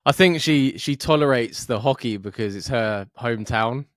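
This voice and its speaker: A Scottish man co-hosting a podcast, telling sweary, animated anecdotes in casual chat. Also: mid-range voice, moderate pace, dry recording, studio quality. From Scotland, Fife. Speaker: podcast co-host.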